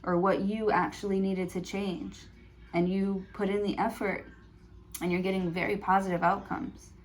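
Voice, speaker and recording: A woman's voice: medium pitch, flat delivery, moderate pace, a little hiss or hum. A woman giving a prerecorded tarot reading, thinking aloud with many fillers and restarts. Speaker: tarot reader.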